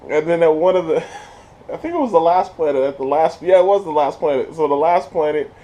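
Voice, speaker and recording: A man giving a casual spoiler review of a TV episode, slangy and excited, laughing often as he retells scenes. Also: a little high, brisk.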